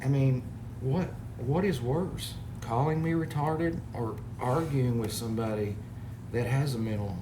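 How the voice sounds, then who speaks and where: A man rambles to his viewers in an exasperated, casual way, reading out comments. His voice sits at an ordinary pitch. The room is echoey, with clear noise behind him. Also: a little slow. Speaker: parody video maker. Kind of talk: casual complaint to camera.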